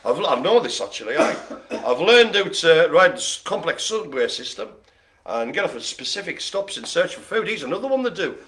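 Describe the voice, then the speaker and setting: A man's voice: fairly high pitch, sing-song, moderate pace, a bit bright. A man calling bingo as host, joking and laughing through playful banter. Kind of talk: jokey live bingo calling.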